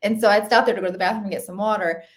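A woman's voice: mid-range voice, fairly even intonation, racing. Chatty woman runner, lots of fillers. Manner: chatty, many "like" fillers, laughs often. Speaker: interview guest, ultra runner. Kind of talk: casual conversational interview.

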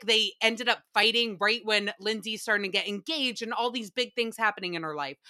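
A young woman with a bright, slightly high voice hosts a casual recap chat. She talks in an animated, sarcastic way and swears freely. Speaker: podcast host recapping reality TV.

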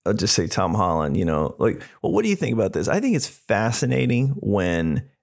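Man, podcast co-host, gravelly low voice, swoops up and down, rambling and laughing. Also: a little fast. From not from here, moved and drove rideshare. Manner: animated, rambling, laughs often. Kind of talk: casual chat.

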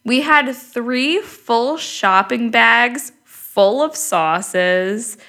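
A young woman co-hosting a casual podcast chat, telling an animated story and swearing freely. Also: on the high side, drawn-out words. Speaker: podcast co-host.

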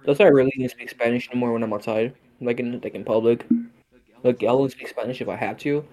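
A man's voice: medium pitch, fairly even intonation, quick pace, mellow. A young man co-hosting a podcast, joking and swearing in loose storytelling banter. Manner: bilingual, slips into Spanish. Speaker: podcast co-host. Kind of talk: casual chat.

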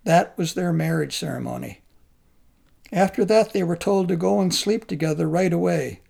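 A man calmly narrating a folk tale in a measured storybook style. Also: on the high side, gravelly.

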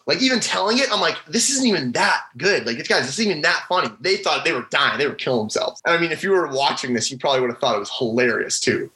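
A man's voice: on the high side, rough recording. A young man, a former college hockey player, telling a prank story in a casual interview and acting out his friends' lines. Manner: animated, acts out the voices of friends in his story.

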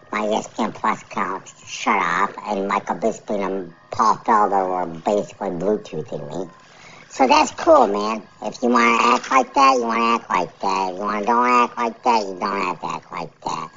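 A man's voice: a little high, creaky, sharp tone, a little hiss or hum. A man ranting alone on his podcast, rambling and irritated, repeating his phrases. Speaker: podcast host. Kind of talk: solo podcast rant. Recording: dull lo-fi recording.

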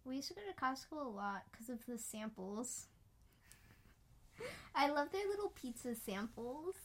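Her voice is high-pitched, expressive, and a little slow. She's a young American woman co-hosting a podcast, telling rambling stories in easygoing chat and filling them with "like."

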